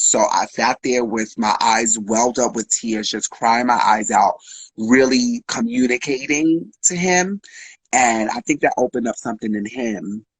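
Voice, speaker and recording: A man's voice: medium pitch, husky, no room sound, rough recording. A man speaking as a guest, openly telling a personal story in a frank, emotional way, with slang and swearing.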